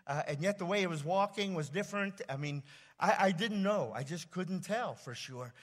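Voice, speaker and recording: A man preaching a sermon as pastor, telling a personal story in a halting, rambling way full of fillers and restarts. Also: sits high, animated. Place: church sanctuary. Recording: long church hall reverb.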